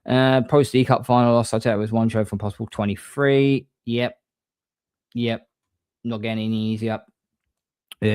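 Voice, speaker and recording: A man hosting a casual livestream, reading viewer comments and giving shout-outs in a rambling, chatty way. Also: mid-range voice, normal speed, clear, resonant tone, dry recording. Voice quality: rambling, frequent restarts, mate-and-bro shout-outs. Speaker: livestream host.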